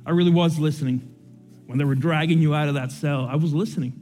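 Animated preacher with a mellow voice. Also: male voice, a little fast, faint music behind. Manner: animated storytelling, soft and low in prayer. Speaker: pastor. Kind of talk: sermon with personal story and prayer.

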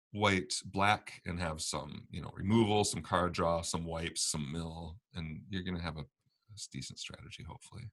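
Deep-voiced man chatting casually. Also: a bit bright. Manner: rambling, laughs often, trails off at ends. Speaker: podcast co-host. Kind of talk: casual card game chat.

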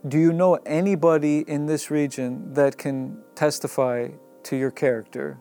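A man's voice: a little high, little pitch movement, moderate pace, mellow, faint music behind, lightly acted. A man doing a formal magistrate. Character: formal, authoritative male magistrate.

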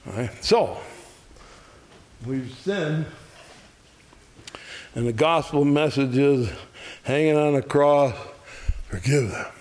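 A man teaching an adult Bible class, who builds to loud, repeated exclamations and chuckles between points. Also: on the high side, slow, pauses often.

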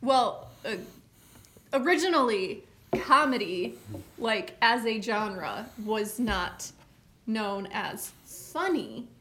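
A woman's voice: a little high, expressive, slow pace, a bit bright. A woman co-hosting a casual Bible study chat, teasing the host in a dry way.

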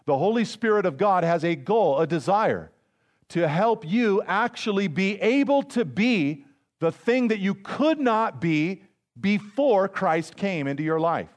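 A man preaching a sermon as a pastor, in a conversational way, mixing family stories with scripture and slowing down to stress key phrases. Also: sits high, expressive.

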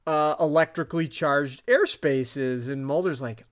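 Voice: mid-range voice, lively intonation, slow. A podcast co-host in a casual chat, recapping a TV episode, laughing often and quoting the characters' lines. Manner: giggly, retells scenes by quoting characters.

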